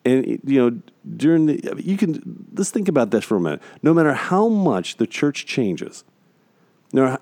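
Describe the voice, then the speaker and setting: A man's voice: mid-range voice, dark tone, no echo. A man co-hosting a casual faith discussion podcast, talking in an earnest way and stacking emphatic repeated phrases. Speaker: podcast co-host.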